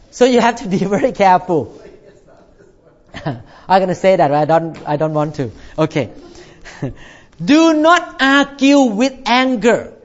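A man's voice: high voice, lo-fi sound. A male pastor delivering a sermon in slightly non-native English phrasing, emphatic and punctuating his points with "Amen".

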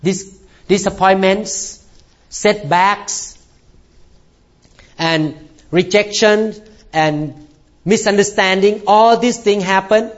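A man's voice: high voice, slow, pauses often. A man preaching a sermon in an earnest way, often restarting words and calling out "Amen?" to the congregation. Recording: dull lo-fi recording.

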